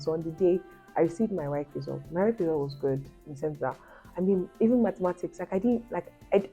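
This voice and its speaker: A young woman tells a personal story straight to her viewers. Her voice sits low and mellow, and she keeps turning to the audience with chatty asides. The recording is dull and lo-fi. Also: breathy edge. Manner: chatty and animated, addresses viewers as guys, laughing asides. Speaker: vlogger.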